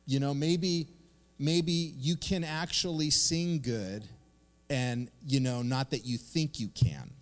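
Middle-aged male pastor, casual animated sermon delivery, mid-pitched voice, long hall reverb. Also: slow. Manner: animated, conversational, acts out quotes. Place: church sanctuary.

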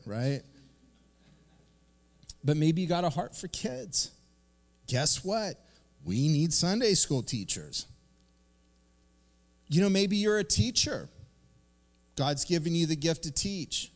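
A man's voice: fairly high pitch, takes it slowly, long pauses. A middle-aged man preaching a casual, conversational sermon as a pastor, acting out little quoted lines as he talks. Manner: animated, conversational, acts out quotes. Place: church sanctuary. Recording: long reverb of a church hall.

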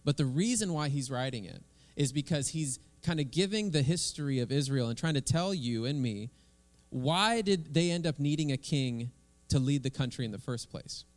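A man, a pastor, leading prayer and preaching a sermon in a relaxed, conversational way. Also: medium pitch, moderate pace.

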